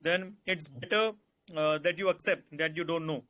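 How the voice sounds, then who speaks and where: In an advisory Q&A session, a male interview coach with an Indian English accent guides candidates calmly and instructively, circling back to restate his points. His high voice sounds bright and forward, at a moderate pace.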